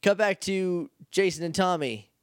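With a high, smooth voice and a measured pace, a man co-hosts a podcast in clean studio sound free of room sound. He recaps an episode casually and animatedly, performing the characters' lines.

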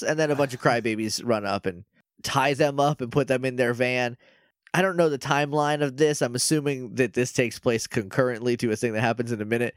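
A man's voice: medium pitch, dry recording. Man, podcast co-host, casual recap chat, rambling, dry close mic. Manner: rambling, quoting characters in quick put-on lines.

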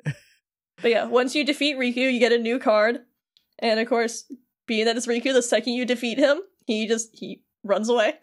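A podcast co-host, a woman, talking through a video game in easy conversation. Her voice sits a little high, and she slips into playful put-on voices when she quotes the characters. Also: moderate pace. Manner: animated, acts out characters' lines in playful voices. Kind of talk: casual chat recapping a game.

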